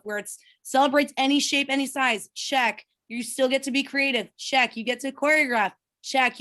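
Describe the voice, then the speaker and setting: Young woman, bright tense voice, upbeat burlesque guest. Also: on the high side. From United States. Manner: upbeat, emphatic, punchy list delivery. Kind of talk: interview.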